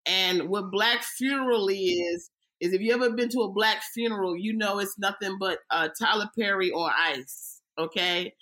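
A woman comedian from the United States talking casually on a podcast, telling animated stories with quick impressions. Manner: animated storytelling, bursts into high mock-wailing impressions. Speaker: comedian guest.

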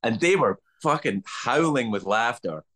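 A middle-aged Scottish comedian, appearing as a guest on a podcast, tells stories in casual chat with an unhurried, mid-range voice. He's animated and swears, acting out voices as he goes.

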